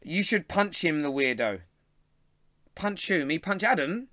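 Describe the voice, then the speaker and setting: Bright-voiced London host reading comments. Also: male voice, fairly high pitch, expressive, a little slow, dry recording, studio quality. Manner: chatty, laughs often, reads viewer comments aloud. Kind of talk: live fan show chat, reading comments.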